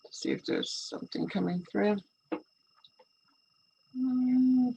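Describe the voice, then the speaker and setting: An English teacher with a creaky, mid-range voice runs a casual live stream over a computer video call, and the audio is poor. While fixing the setup, he thinks aloud and repeats questions.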